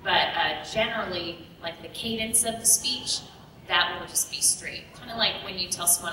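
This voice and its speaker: A woman's voice: mid-range voice, normal speed, noisy background. Chatty woman on an echoey convention panel. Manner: chatty, rambling, upbeat. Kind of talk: casual panel talk. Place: large convention room. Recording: echoey hall recording from far off. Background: room ambience.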